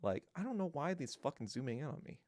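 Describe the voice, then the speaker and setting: A man's voice: a little high, fast, no room sound. A middle-aged male podcast host in a profane, mocking monologue, telling stories and ranting. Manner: profane, mocking, animated storytelling.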